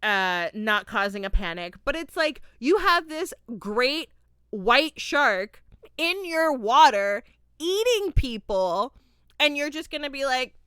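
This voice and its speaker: A woman's voice: high-pitched, big pitch swings, takes it slowly, a bit bright, clean tone, dry recording, clean studio sound. A young woman from Florida hosting a solo podcast movie review, chatty and often laughing as she acts out quotes. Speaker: podcast host.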